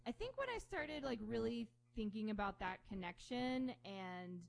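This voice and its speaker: A woman chatting casually as a podcast co-host, telling animated stories and acting out quoted voices. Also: fairly high pitch, normal speed, creaky, slight background noise. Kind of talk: casual chat.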